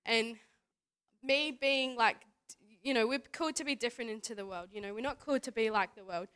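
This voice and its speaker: A woman's voice: fairly high pitch, fairly quick, fairly bright tone, smooth. A young woman giving a casual testimony talk at church, chatty and full of fillers, laughing now and then. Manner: chatty, full of "like" and "you know", laughs often. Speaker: youth speaker at church.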